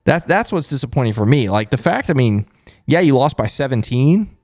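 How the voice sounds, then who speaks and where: A man's voice: mid-range voice, a little fast. A man hosting a fan podcast's postgame live stream, chatty and amused, reading and answering viewer comments. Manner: laughing, animated, talks straight to chat. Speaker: podcast host and producer.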